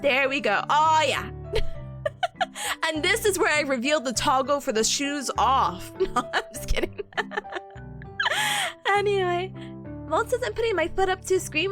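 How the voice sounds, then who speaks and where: A woman streamer in casual live chat, playful and silly, laughing often between lines. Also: very high voice. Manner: silly, sings sound effects.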